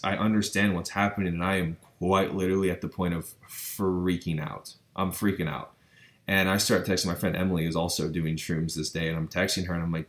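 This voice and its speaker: A man with a low, deep voice tells a personal story in an earnest, breathless way. He stumbles and restarts often and keeps saying literally as he goes. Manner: earnest, breathless retelling with many restarts and stammers. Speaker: vlogger.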